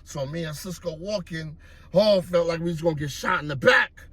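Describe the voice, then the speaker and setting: A man's voice: on the high side, moderate pace, fairly bright tone, slightly rough, dry recording. A man telling a story in loose, streetwise casual talk. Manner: loose, streetwise, repeats "you know what I mean". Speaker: vlogger.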